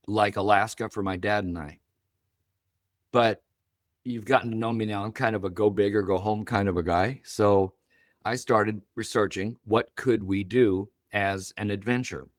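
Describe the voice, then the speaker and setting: A man's voice: fairly low pitch, no room sound, clean studio sound. An older man in his seventies, a guest in an interview, telling stories and acting out quoted dialogue. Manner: animated, acts out quoted dialogue. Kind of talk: storytelling interview.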